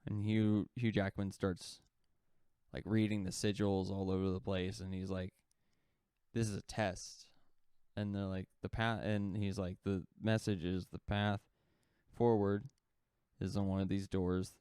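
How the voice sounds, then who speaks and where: A man's voice: low voice, flat delivery, unhurried, warm tone, smooth, no room sound. A man co-hosting a podcast, telling a story in a casual rambling way, full of "like" fillers and the odd swear word, acting out the quoted lines. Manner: rambling, heavy use of "like" fillers. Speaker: podcast co-host.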